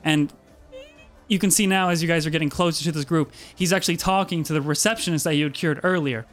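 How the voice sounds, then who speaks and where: A man narrates a tabletop game as game master in a high voice. His descriptions come in halting, restarting bursts. Faint music runs behind him. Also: steady tone, fairly bright tone.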